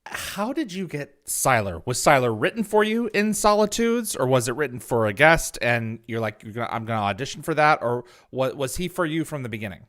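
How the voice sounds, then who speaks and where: A male host runs a casual live interview, steering his guest with eager follow-up questions. His voice is bright and animated, rising and falling freely. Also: medium pitch, brisk, few pauses. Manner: engaged, prompting questions, quotes lines.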